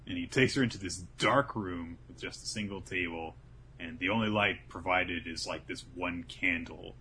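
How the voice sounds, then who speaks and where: A man's voice: low-pitched, normal speed, sharp tone, husky. A man hosting a casual podcast, animatedly retelling a story and acting out the quotes. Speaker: podcast host.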